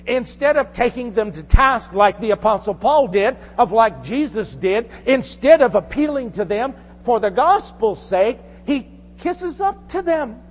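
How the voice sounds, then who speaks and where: Male preacher, fervent sermon, lively high voice, long reverb in a hall. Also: a little hiss or hum. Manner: fervent, emphatic, rhetorical questions to congregation.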